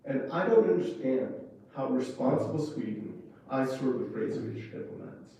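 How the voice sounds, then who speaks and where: A man's voice: medium pitch, animated, normal speed, mellow, a little hiss or hum. A man, a former ambassador, giving an impassioned and emphatic conference speech. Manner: fervent, worked up, emphatic. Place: conference room. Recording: echoey hall from far off.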